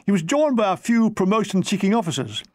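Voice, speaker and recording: A man's voice: sits high, very animated, quick pace, darkish tone, no room sound. A man reading his own memoir aloud in a dry, comic storytelling manner. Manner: dry comic storytelling, slipping into brief character voices. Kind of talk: audiobook narration.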